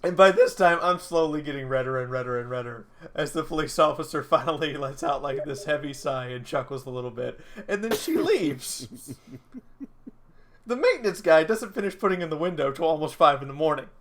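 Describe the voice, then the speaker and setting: A woman streamer telling a story in a casual, animated way, often stammering, repeating words and laughing. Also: deep voice, fairly quick.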